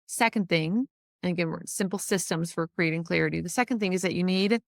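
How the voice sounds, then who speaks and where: A woman's voice: on the low side, fairly quick, vocal fry, no room sound, clean studio sound. A woman hosting a solo podcast, teaching in a casual, think-aloud way with the odd swear word. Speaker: podcast host.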